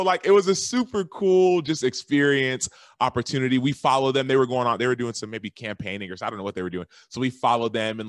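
A man from Texas, a guest on a podcast, telling a lively story in a casual, animated way that jumps high when he quotes himself. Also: no echo, studio quality. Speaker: guest, former football linebacker and author.

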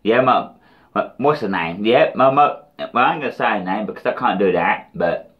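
A man's voice: on the low side, expressive, moderate pace, narrow, tinny audio. A British man ranting in a rambling, profane, taunting diss vlog. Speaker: vlogger.

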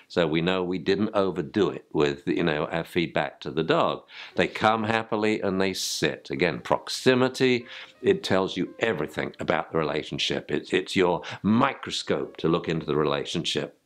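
A man's voice: deep voice, expressive, moderate pace. An older man, teaching dog training informally and acting out yelps and spoken commands to dogs.

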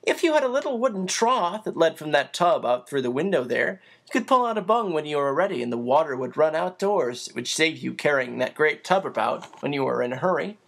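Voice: mid-range voice, very animated, fairly quick, creaky, hardly any pauses. A reader voicing an eager, practical young lad offering a helpful idea.

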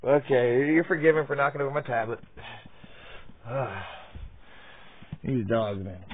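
A man speaks a little slowly in a medium pitch as he films his dogs at home, joking with them, teasing, and swearing freely. The phone-like, tinny audio has a slight hiss or hum.

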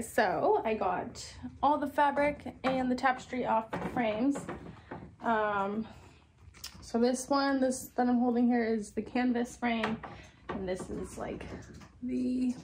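Young woman with a gravelly morning voice. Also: a little high, noisy background. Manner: relaxed, chatty, many fillers. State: groggy morning voice. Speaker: DIY vlogger. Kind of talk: casual home vlog narration. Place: apartment living room.

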